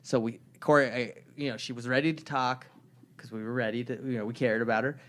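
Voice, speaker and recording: A man's voice: medium pitch, fairly even intonation, fast talker, fairly bright tone. A young man co-hosting a podcast, telling a long story in a loose, rambling way and acting out the people in it. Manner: rambling storyteller who acts out the people in his anecdotes. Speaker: podcast co-host. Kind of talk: casual podcast conversation.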